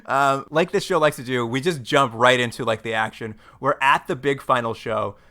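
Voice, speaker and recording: A man's voice: medium pitch, normal speed, pushed and bright. A man hosting a podcast, recapping a show in casual, rambling chat with many restarts. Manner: rambling, lots of "like" and restarts, laughs often. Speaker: podcast host.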